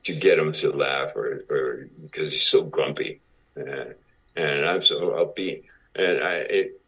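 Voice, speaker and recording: A man's voice: very deep voice, slightly rough, highs cut off. A man, a guest actor, telling stories in casual talk and acting out other people's lines as he goes. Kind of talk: casual anecdotal storytelling.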